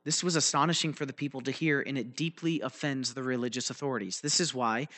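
Preaching a teaching sermon, this man talks fast in a medium-pitched, sharp voice with fairly even intonation. He explains a Bible passage loosely, keeps checking in with "right?" and "okay?", and speaks with plenty of fillers and restarts.

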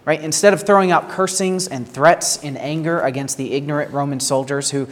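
A man's voice: on the high side, fairly even intonation, fairly quick. A pastor preaching a sermon in an earnest way, asking rhetorical questions and often repeating words as he starts a phrase. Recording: long hall reverb.

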